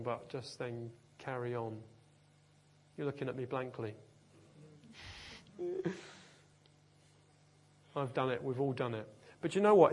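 A man preaching a sermon to his congregation, emphatic and lively, with humorous asides. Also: medium pitch. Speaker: pastor.

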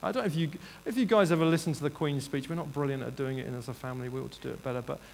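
A man's voice: medium pitch, racing, vocal fry, darkish tone, a little hiss or hum. A man preaching a sermon in earnest, rising to emphatic bursts and restarting his sentences. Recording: reverberant hall, faint ambience.

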